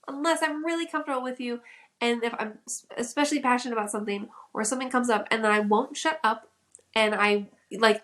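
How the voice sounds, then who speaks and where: A young woman co-hosting a podcast, talking in a relaxed, giggly, self-deprecating way. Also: on the high side, fairly quick. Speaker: podcast co-host. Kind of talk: casual chat.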